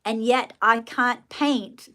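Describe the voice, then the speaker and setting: A woman's voice: a little high, slow pace, sharp tone. A woman with a light, adopted British RP accent hosting a casual livestream, gushing and affectionate, calling viewers darling and saying little often. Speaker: livestream host and children's book author.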